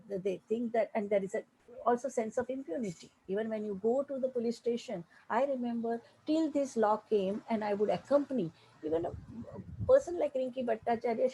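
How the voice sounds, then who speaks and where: A woman's voice: fairly high pitch, fairly quick, warm tone, a little hiss or hum, rough recording. An older woman with an Indian accent, a women's rights activist speaking earnestly and emphatically in a panel talk, often restarting her sentences, over a video call.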